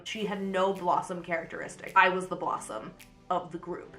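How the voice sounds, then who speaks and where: A woman's voice: fairly low pitch, fairly even intonation, moderate pace, pushed and bright. A young woman hosting a vlog, telling a childhood story in a dramatic, playful way with slang. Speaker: YouTuber host.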